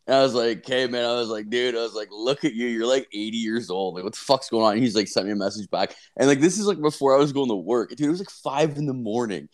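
This young podcast co-host rattles along fast with few pauses in a medium-pitched voice, swearing constantly and laughing as he acts out exchanges in his casual storytelling.

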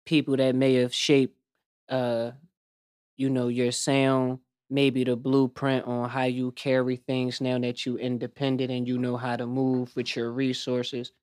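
A man hosting a podcast, asking drawn-out, measured questions. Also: medium pitch, completely flat delivery, a little mellow, no echo, studio quality. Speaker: podcast host. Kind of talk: interview questions.

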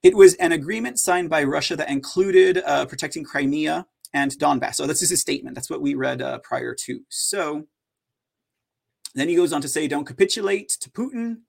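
A man's voice: fairly high pitch, normal speed, creaky. A man hosting an opinion news show, talking in a sarcastic, mocking way.

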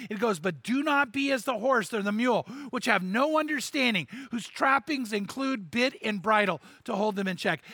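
A middle-aged man preaching a sermon, an animated storyteller who acts out the voices in his anecdotes. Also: high-pitched, creaky, no echo. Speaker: pastor. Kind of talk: sermon with acted-out stories.

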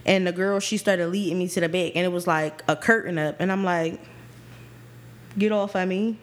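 A woman's voice: on the low side, little pitch movement, brisk. A woman in her twenties, a podcast co-host, telling stories in casual chat, swearing and acting out quotes. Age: 20s. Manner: storytelling, profane, acts out quotes.

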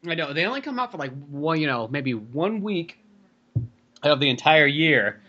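A man's voice: fairly high pitch, big pitch swings, moderate pace, bright, forceful tone, highs cut off. A man hosting a podcast over a video call, talking loosely with lots of swearing and laughter. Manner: loose and profane, laughs often. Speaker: podcast host. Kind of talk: casual chat.

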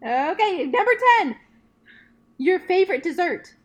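A woman hosting a casual quick-fire question game with friends, brisk and playful as she reads out each question. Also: extremely high pitch, expressive.

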